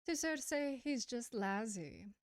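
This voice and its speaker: A woman's voice: on the high side, lively intonation, slow, no echo. A woman playing through a visual novel, reading the story aloud with casual joking asides. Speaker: let's player. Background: game music.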